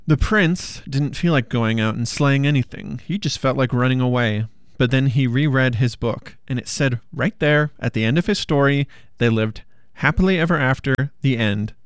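A storyteller reading a funny fairy-tale picture book aloud in a playful, expressive way. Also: medium pitch, smooth, dry recording, studio quality.

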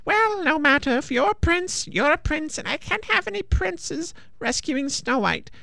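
A storyteller voicing a half-deaf, scheming old witch with a croaking, very high voice. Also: very animated, normal speed, sharp tone, dry recording, full character voice.

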